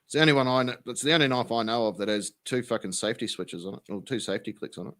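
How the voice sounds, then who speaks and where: A man's voice: mid-range voice, racing, a bit bright. An Australian man, the host, giving casual, sweary, slang-filled reaction commentary and explaining local words.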